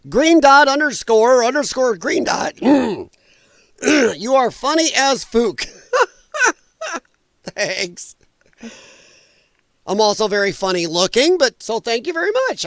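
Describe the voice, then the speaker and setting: A man's voice: extremely high pitch, big pitch swings, takes it slowly, pauses often, no room sound. A middle-aged man hosting a casual political livestream, rambling and joking while reading chat aloud. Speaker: livestream host.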